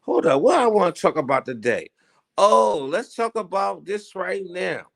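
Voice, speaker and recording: A man hosting a casual current-events commentary, teasing and theatrical, swinging between loud outbursts and hushed asides. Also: sits high, big pitch swings, moderate pace, gravelly. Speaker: host.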